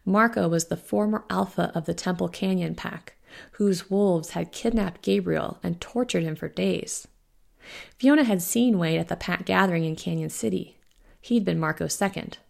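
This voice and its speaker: A woman author reading the prologue of her own fantasy novel aloud in a steady way. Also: on the low side, moderate pace, creaky. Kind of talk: audiobook narration.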